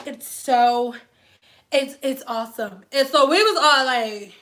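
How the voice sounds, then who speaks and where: A young woman hair stylist casually telling a story to her viewers in an animated, chatty, slangy way. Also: sits high, slow pace. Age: young adult.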